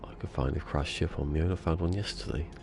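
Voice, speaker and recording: Deep, gravelly-voiced man chatting while streaming. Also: fast, music in the background. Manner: rambling, jokey self-talk. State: sniffly with a cold. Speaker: game streamer. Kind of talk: casual live-stream chatter. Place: small room at home.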